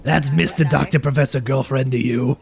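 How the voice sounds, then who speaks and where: A man's voice: mid-range voice, steady tone, fairly quick, creaky, music in the background, close to an everyday voice. A man putting on a theatrical, mock-grand villain voice during a game stream.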